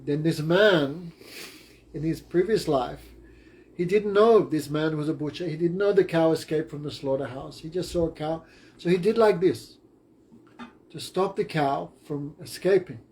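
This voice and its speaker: A man's voice: a little high, measured pace, darkish tone. A man teaching a class, retelling a story in simple, short phrases.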